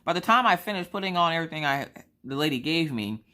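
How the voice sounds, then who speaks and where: Low-voiced woman telling a story. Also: fast. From South Carolina. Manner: animated anecdote-telling, chatty and blunt. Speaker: craft vlogger. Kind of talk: casual storytelling chat.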